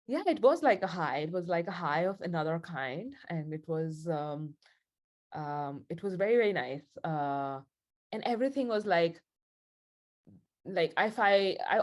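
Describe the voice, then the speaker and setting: A woman's voice: lowish voice, lively intonation, a little slow, a little mellow. Woman, session leader, chatty, casual storytelling, laughs often.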